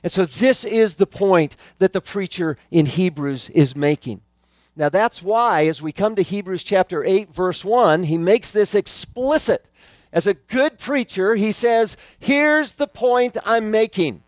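A man delivers a sermon in an earnest, emphatic manner, repeating his key phrases to drive them home. His voice sits fairly high for a man. The sound is dry and close, with little room echo. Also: a little slow, darkish tone. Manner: earnest, emphatic preaching with repetition. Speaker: pastor.

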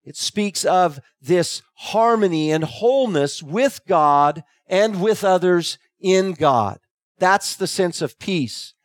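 A man with a high-pitched voice preaches an expository sermon. He talks earnestly and deliberately, drawing out his key phrases. The sound is dry and close, with no room echo. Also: animated.

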